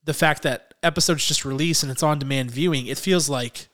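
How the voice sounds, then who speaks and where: A man's voice: a little high, a little fast, a bit bright. A man hosting a movie podcast in casual chat, rambling with lots of fillers. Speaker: podcast host.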